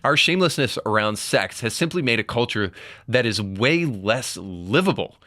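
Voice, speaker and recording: A man's voice: medium pitch, expressive, normal speed, bright, forceful tone, no echo, clean studio sound. A man hosting a commentary show, reading an article aloud and adding blunt, moralizing remarks with sarcastic asides.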